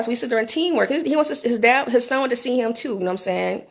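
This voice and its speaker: A middle-aged woman telling a candid personal story into her phone for a vlog, animated and swearing freely. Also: fairly high pitch, quick pace, hardly any pauses. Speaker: vlogger.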